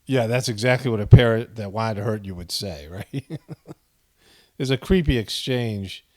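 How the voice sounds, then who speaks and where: A man's voice: lowish voice, normal speed, mellow. A man hosting a casual video commentary, rambling with frequent chuckles and fillers. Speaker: commentary channel host.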